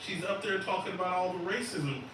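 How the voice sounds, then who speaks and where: A middle-aged man as a guest in a commentary chat, speaking bluntly and with measured dismissiveness. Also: high voice, very echoey, distant mic, noisy background.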